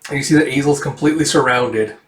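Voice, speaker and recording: A man's voice: mid-range voice, steady tone, a little fast. Rambling man reading a comic aloud. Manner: rambling, many fillers, acts out dialogue. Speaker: manga reader. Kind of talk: casual read-through of a comic. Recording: echoey room, distant mic.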